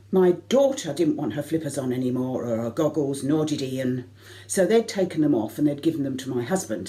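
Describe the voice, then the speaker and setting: A woman's voice: very deep voice, warm tone. Self-mocking woman telling a funny story. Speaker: variety concert performer. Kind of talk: comic personal anecdote.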